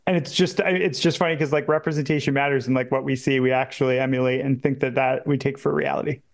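A man's voice: mid-range voice, fairly even intonation, fast, creaky. A man co-hosting a podcast, explaining film history casually with lots of filler words. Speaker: podcast co-host.

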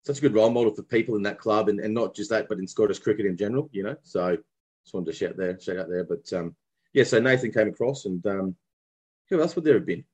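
A man's voice: lowish voice, fast, darkish tone, husky. A man from Brisbane with an Australian accent, reminiscing about his cricket days in a casual interview, rambling with many restarts. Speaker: guest, former cricketer.

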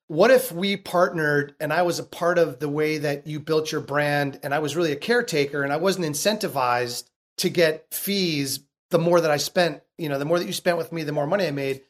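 Animated, blunt middle-aged man. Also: fairly high pitch, brisk, few pauses. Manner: animated, blunt, swears casually. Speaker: entrepreneur guest. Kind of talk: casual storytelling interview.

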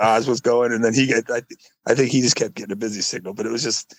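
A man in his forties co-hosts a casual podcast, telling rambling stories and acting out quotes in a raised, high voice. He talks fast with fairly even intonation, and the audio is poor though echo-free.

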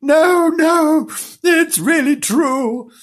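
A woman's voice: high voice, very slow, pitched above the performer's own voice. A woman playing a trembly, timid male animal. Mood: pleading.

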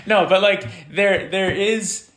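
A man who is a guest actor, talking casually and halting often as he searches for words. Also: sits high, noisy background. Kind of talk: casual conversation. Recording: roomy echo.

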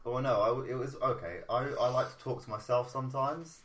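A man's voice: medium pitch, fairly quick. A man co-hosting a podcast in casual chat, hesitant and mumbling, with many fillers. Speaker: podcast co-host. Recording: echoey room with faint noise.

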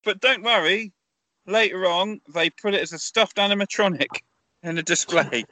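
A man co-hosting a casual podcast, reviewing films and telling pun jokes deadpan. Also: sits high, moderate pace, no echo. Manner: deadpan storytelling, punny jokes. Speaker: podcast co-host, film reviewer.

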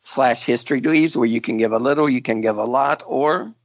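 A man's voice: mid-range voice, fairly quick, crowd noise. A man hosting a comedy podcast, asking questions in a mock-earnest way and egging the others on. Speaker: podcast host.

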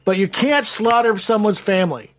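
A man's voice: high-pitched, moderate pace, fairly bright tone. A man from Canada co-hosting a casual podcast, wry and mock-exasperated. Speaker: podcast co-host.

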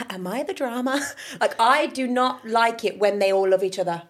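A woman's voice: a little high, unhurried. A young woman with an English accent, co-hosting a casual podcast chat and acting out stories in quoted voices. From England. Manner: animated storyteller who acts out quoted voices. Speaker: podcast co-host.

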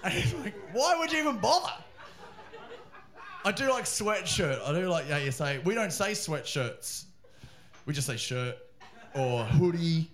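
A man, a comedian, telling a funny story in a loud, laughing, swearing riff. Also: a little high, unhurried. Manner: animated, laughing, swearing, riffing. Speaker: comedian podcast guest. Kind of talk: comic storytelling.

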